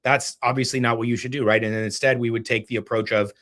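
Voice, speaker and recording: A man in a casual live-stream tutorial, coaching his viewers directly and calling them guys. His pitch sits at an ordinary middle height for a man. He talks through a home phone setup in a relaxed, practical way. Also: fast. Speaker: real estate video coach.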